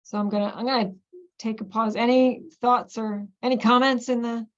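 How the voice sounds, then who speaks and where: A woman's voice: a little high, steady tone, moderate pace, muffled recording. A woman clinician giving an online teaching presentation, talking in a conversational, explanatory way with frequent fillers and restarts.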